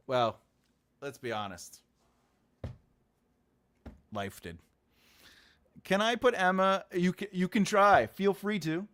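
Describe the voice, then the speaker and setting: A man's voice: sits high, animated, takes it slowly, long pauses, a bit bright. A man hosting a writing channel livestream, casually chatting and teasing viewers in a playful, giggly way.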